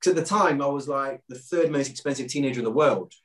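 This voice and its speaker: A man at an everyday middle pitch spins an animated story from his playing days. He talks casually and doubles back on himself. He fills the telling with "um"s and acted-out lines from other people. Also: quick pace. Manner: animated anecdote-telling with quoted dialogue and frequent fillers. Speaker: former footballer guest.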